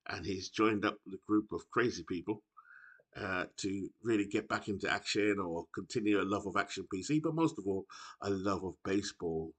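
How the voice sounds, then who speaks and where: A British man with a low, slightly rough but fairly bright voice talks at a moderate pace to his viewers about a baseball video game. He rambles and keeps correcting himself in this casual chat to camera, recorded on a laptop mic.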